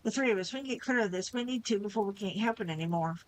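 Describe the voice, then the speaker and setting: A woman's voice: medium pitch, racing, no room sound, close to an everyday voice, rough recording. A woman reading aloud, voicing a panicked, cowardly young male changeling who whines and pleads. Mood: urgent. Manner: pleading, whiny.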